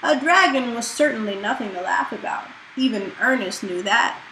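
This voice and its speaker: Brief: expressive female storybook reader, bright voice, echoey home recording. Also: a little high, moderate pace. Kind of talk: reading a children's book aloud. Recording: echoey room with faint noise.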